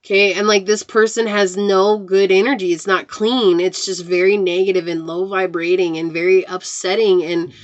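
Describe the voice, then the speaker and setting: A woman's voice: medium pitch, fairly even intonation, moderate pace, hardly any pauses. A woman giving a casual tarot reading to her viewers, chatty and talking straight to them as guys and y'all. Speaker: tarot reader.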